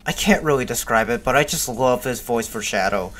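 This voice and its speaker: A man's voice: mid-range voice, fairly quick, a bit bright. Candid young man, swearing freely. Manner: candid, self-critical, swears often. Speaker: video game reviewer. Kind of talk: casual retrospective commentary.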